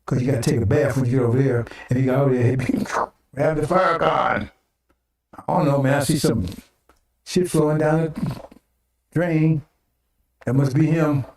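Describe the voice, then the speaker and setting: A man's voice: medium pitch, normal speed, gravelly, pauses often, a little mellow. Older man preaching in an echoey room. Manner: rhetorical, repeats phrases, tags "right?" and "see?". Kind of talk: informal sermon broadcast. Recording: echoey room, mic at a distance.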